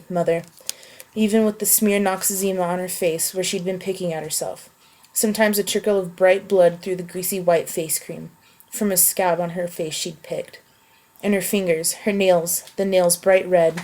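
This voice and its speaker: Wry woman, low-ish voice. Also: darkish tone. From United States. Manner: offhand and wry, reads prose slowly and evenly. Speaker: vlogger answering a question meme. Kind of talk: casual voice post with a read-aloud passage.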